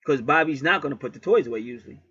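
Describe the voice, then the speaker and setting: A man's voice: medium pitch, lively intonation, rapid-fire, a bit bright, husky, muffled recording. A man at home telling a rambling story in a casual monologue, swearing freely and repeating himself. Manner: profane, rambling, repetitive. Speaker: channel host.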